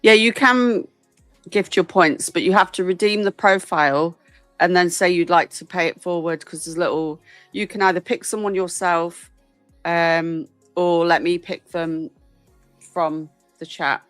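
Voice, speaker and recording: A woman's voice: fairly low pitch, measured pace, fairly bright tone, no room sound, faint music behind. A middle-aged British woman hosting a casual live stream and chatting through viewer messages. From Britain. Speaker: host.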